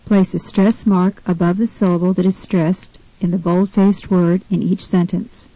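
Mellow woman reading lesson instructions. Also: fairly low pitch, level tone, dry recording, poor audio. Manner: clear, measured instructions. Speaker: language lesson narrator. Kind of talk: scripted instructional narration.

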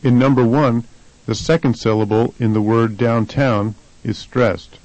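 A man reading answers and sample dialogue lines for a scripted language lesson in a plain, even way. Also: mid-range voice, unhurried, dry recording, poor audio. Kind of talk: scripted instructional narration.

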